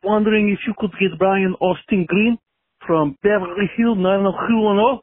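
A man's voice: high voice, fairly even intonation, normal speed. A man leaving a voicemail in a put-on fake foreign accent and broken English, over a tinny phone line. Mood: earnest. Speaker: voicemail caller.

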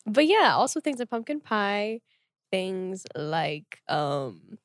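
A woman's voice: mid-range voice, big pitch swings, slow, no echo, clean studio sound. A young woman co-hosting a podcast, chatting casually, teasing and laughing easily. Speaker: podcast co-host. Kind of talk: casual chat.

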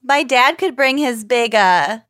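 Slow-talking woman from Minnesota. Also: a little high, animated, a bit bright, dry recording, clean studio sound. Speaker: podcast co-host. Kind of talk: casual chat.

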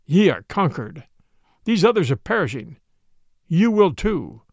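A man voicing a malicious old male wizard who speaks slowly and loudly in a menacing, gloating way. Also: fairly high pitch, big pitch swings, gravelly, dry recording, dull audio, heavily acted. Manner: slow, loud, menacing proclamation.

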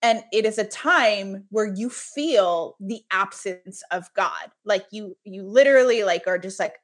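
A woman's voice: mid-range voice, a little slow, few pauses. A woman author speaking as a podcast guest, talking in an earnest, reflective way with many filler words. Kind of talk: casual conversation.

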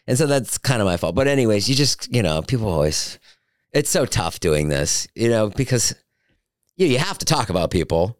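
Male podcast host, low and dry, chatty rambling storyteller. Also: very animated, normal speed, no echo. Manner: rambling, joking anecdotes with many fillers. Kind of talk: solo podcast chat.

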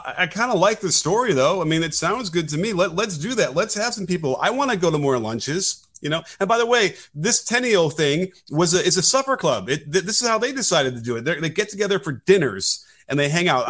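A man's voice: on the high side, fairly bright tone. A man co-hosting a political podcast, speaking casually and wryly, often restarting his sentences. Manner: wry, casual, with frequent restarts and hedges. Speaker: podcast co-host.

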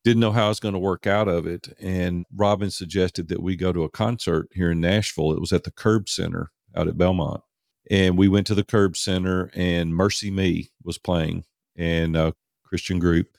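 A man's voice: low voice, fairly even intonation, moderate pace, gravelly, darkish tone, no echo, clean studio sound. A middle-aged man, a podcast guest, telling a candid personal story in an earnest, conversational way and repeating words for emphasis.

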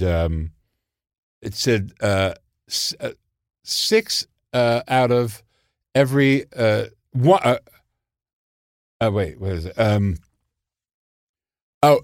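Recorded dry and at studio quality, this older comedy writer chats casually through anecdotes from show business, slipping into high voices to quote the people involved.

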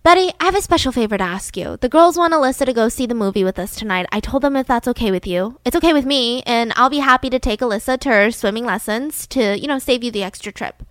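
A woman voicing a frantic, chatty suburban mom who talks fast and flustered, in a true-crime podcast retelling. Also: on the high side, expressive, no echo, lightly acted. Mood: sweet.

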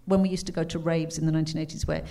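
Animated British woman telling stories. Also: sits low, rapid-fire, creaky, slight background noise. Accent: British English. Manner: animated, laughing, acts out quotes in character. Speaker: author. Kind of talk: anecdotal storytelling at a live book talk.

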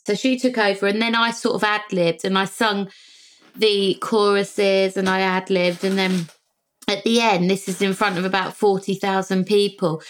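With a mid-range voice at a moderate pace, a woman who sings chats casually on a podcast as a guest. Her stories are lively, and she performs the voices of the characters she describes.

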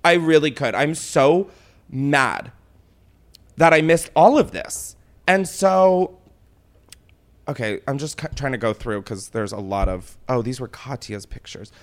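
Animated young man telling a story. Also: medium pitch, unhurried. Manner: animated, swearing, dramatic retelling with put-on quotes. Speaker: podcast host. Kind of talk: casual storytelling chat.

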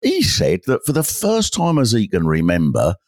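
A man's voice: lowish voice, wildly swooping pitch, moderate pace, darkish tone, no echo, studio quality, voice pushed up. A man improvising a nosy, fussy village cricket club member in a sing-song, inquisitive manner. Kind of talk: improvised comic role-play.

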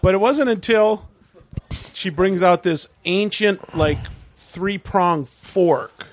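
A man's voice: sits high, takes it slowly. A man in casual talk, filling in details of a story with frequent restarts. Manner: relaxed, hesitant restarts, adds details to a friend's story. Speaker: podcast guest.

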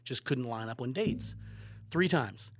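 A man's voice: medium pitch, expressive, a little slow, husky. Sex: man. Role: photographer guest on a podcast. Style: rambling casual storytelling that acts out quoted dialogue. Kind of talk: casual anecdote telling.

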